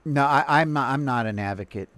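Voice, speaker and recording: An older man from Houston giving casual, halting reaction commentary, with lots of fillers and restarts. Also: medium pitch, a bit bright, no room sound. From Houston, Texas. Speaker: live streamer reacting to a video.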